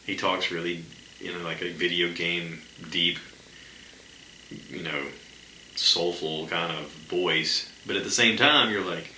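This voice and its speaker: A very low, deep-voiced man chatting loosely on his solo podcast, circling back and stacking "um"s as he goes. His tone is strikingly bright and forceful despite the low pitch. The room around him is echoey, with a faint hiss of ambience. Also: normal speed. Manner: rambling, chatty, many fillers. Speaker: podcast host. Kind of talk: casual solo podcast chat.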